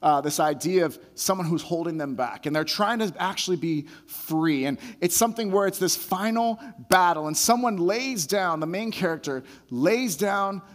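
A male pastor with a slightly raised pitch preaches a conversational sermon. He repeats his words and lets his excitement build while retelling a story. His voice rings out with the long reverb of a large hall. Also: moderate pace, few pauses.

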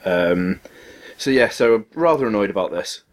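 A man's voice: fairly low pitch, lively intonation, normal speed. A young man, a podcast co-host, telling a story in casual chat with lots of swearing and acted-out quotes.

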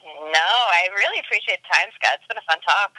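Chatty woman guest, super bright voice, bounces up and down a lot, dry close sound. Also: on the low side, fairly quick, no room sound, rough recording. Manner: animated, chatty, laughs readily. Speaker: guest, obstacle racer. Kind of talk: casual chat.

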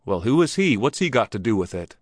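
A man's voice: lowish voice, sing-song, brisk, slightly rough, dry recording, clean studio sound. A man voicing a jocular travelling salesman in an old Western story who fires off anxious questions.

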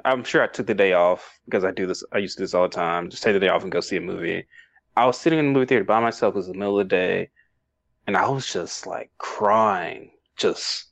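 A man's voice: on the low side, gravelly, no room sound. Rambling man chatting about movies. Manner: rambling, emotional, laughs often, many restarts. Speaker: podcast co-host. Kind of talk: casual movie review chat. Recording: dull dry lo-fi sound.

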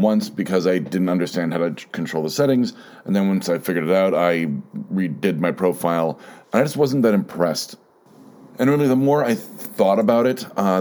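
A man with a very low voice hosts his own podcast alone, rambling through his thoughts with lots of fillers, restarts and searching for words. A slight frog sits in his throat, and faint room noise hums behind him. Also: darkish tone. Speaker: podcast host. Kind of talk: casual solo monologue.

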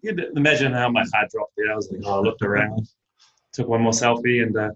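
A young man with a New Zealand accent, telling stories as a podcast guest in a relaxed, self-mocking way. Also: on the low side, fast talker. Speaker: guest, baseball pitcher and teacher. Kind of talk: casual podcast chat. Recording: dull lo-fi audio.

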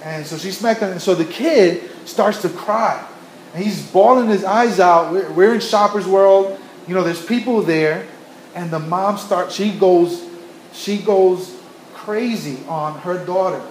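This is a pastor preaching in a church, his voice notably high for a man. He tells stories earnestly, doubling back and repeating himself as he builds his point. The sound rings in an echoey room with faint ambience behind him. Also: a little slow, slight background noise. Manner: earnest storytelling with many restarts and repetitions. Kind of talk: sermon.

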